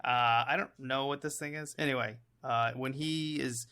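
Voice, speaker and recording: Bright-voiced, rambling male podcast co-host. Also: mid-range voice, fairly even intonation, normal speed, clean tone. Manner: loose, profane, rambling. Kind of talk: casual movie review chat.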